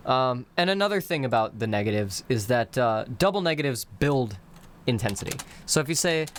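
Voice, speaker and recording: A man teaching his constructed language on a live stream, in a slow, explanatory way that breaks phrases into their literal word-by-word meanings. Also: medium pitch, animated, a little hiss or hum.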